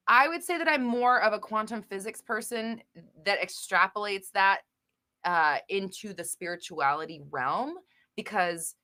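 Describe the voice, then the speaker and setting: A woman's voice: on the low side, pushed and bright. A woman hosting a casual live Q&A stream, talking emphatically and rambling, swearing freely. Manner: rambling with many fillers and restarts. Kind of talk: casual live-stream chat answering viewers.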